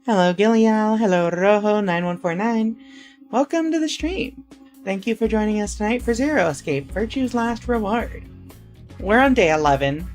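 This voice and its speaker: A woman's voice: medium pitch, normal speed, a little mellow, soft background music. A woman streamer chatting casually with her viewers during a live game stream.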